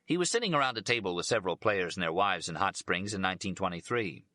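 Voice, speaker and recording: Deep-voiced man reading an audiobook. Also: lively intonation, quick pace, sharp tone, no room sound. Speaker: audiobook narrator.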